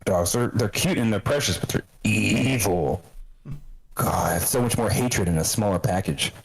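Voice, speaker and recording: A man co-hosting a casual podcast, animated and profane, acting out little voices as he tells stories. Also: lowish voice, a little slow, low-quality recording. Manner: animated, swears a lot, acts out voices. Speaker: podcast co-host.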